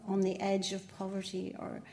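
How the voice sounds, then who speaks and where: A woman's voice: mid-range voice, completely flat delivery, moderate pace, dark tone. An older woman with a Northern Irish accent speaking as a poet guest in an interview. She talks in a chatty way, laughs often and makes self-mocking asides. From Northern Ireland. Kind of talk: conversational interview.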